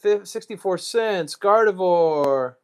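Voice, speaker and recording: Relaxed man muttering through a live stream. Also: high voice, clear, resonant tone. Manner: relaxed, muttering to himself, quick asides to chat. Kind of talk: casual live stream chat while sorting cards.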